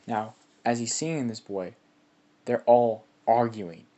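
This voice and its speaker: A man's voice: medium pitch, slow pace, mellow. A man casually telling a made-up fan story, rambling with lots of filler words.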